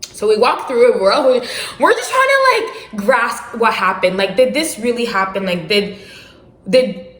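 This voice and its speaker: A young adult woman casually telling a dramatic personal story for her vlog, animated and slangy with bursts of laughter. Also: fairly high pitch, unhurried. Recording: roomy echo.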